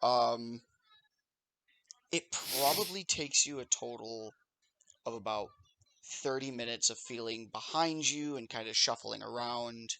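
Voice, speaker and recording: A man narrating a tabletop game as its game master, his voice bright and forward. The sound is dry and close, with no room around it. He describes the scene with lively detail. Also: mid-range voice, measured pace, vocal fry, long pauses, no echo.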